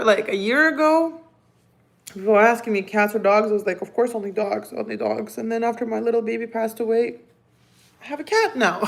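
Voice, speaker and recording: On a casual live stream, a native Russian-speaking woman reads viewer comments aloud and chats with her cat. Her voice sits fairly high and carries some vocal fry.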